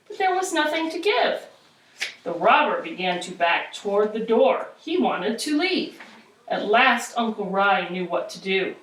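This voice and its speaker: Woman teacher reading aloud with lots of expression, miked from across a reverberant classroom. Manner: expressive storytelling with lively pitch. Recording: echoey room from a distance.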